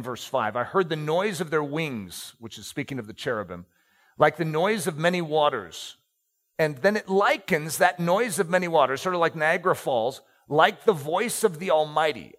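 A middle-aged man delivers a sermon in a somewhat high voice. He reads scripture aloud, leaning on key words and slowing for effect. Between passages he tosses in light asides to the congregation. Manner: expressive, slows and stresses key words, joking asides. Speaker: preacher. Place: church stage, handheld mic.

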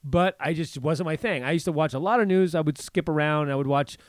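A man's voice: on the high side, quick pace, no echo, clean studio sound. A man co-hosting a casual political chat, rambling with frequent restarts and acting out others' words in a raised voice. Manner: rambling, with many restarts and stammers.

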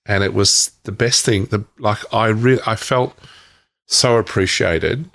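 Guest: man in his forties, very deep gravelly voice, frank storyteller who restarts his sentences and swears now and then. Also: measured pace, a bit bright. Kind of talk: candid personal storytelling.

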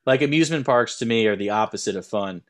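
A man's voice: lowish voice, fast. A young man co-hosting a podcast in casual chat, rambling with many restarts. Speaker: podcast co-host.

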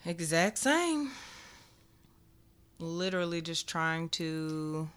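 A woman's voice: fairly low pitch, very animated, extremely slow, a bit bright, clean tone. A woman co-hosting a podcast, chatting casually and reacting with dry, brief remarks. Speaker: podcast co-host. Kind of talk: casual chat.

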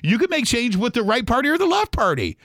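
Fired-up middle-aged male podcaster, high, lively delivery, dry close sound. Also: quick pace, no echo. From Michigan, USA. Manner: emphatic and ranting, mimics other people's complaints. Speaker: podcast host. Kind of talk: opinionated solo podcast rant.

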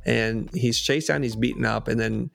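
Gravelly-voiced male podcast guest. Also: mid-range voice, fairly even intonation, normal speed, fairly bright tone, soft background music. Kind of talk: storytelling in conversation.

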